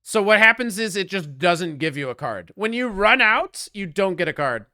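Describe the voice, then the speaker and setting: A man streaming a strategy board game online, commenting casually, joking with chat and getting loud when frustrated. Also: high-pitched, sing-song, normal speed, no echo, studio quality.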